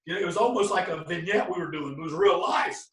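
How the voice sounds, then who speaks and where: A middle-aged man, a former wrestler, telling lively stories as a guest, acting out other people's lines and breaking into loud outbursts. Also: sits high, quick pace. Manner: animated, acts out quoted voices, bursts into loud exclamations. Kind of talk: casual anecdotal storytelling. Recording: roomy, distant from the mic.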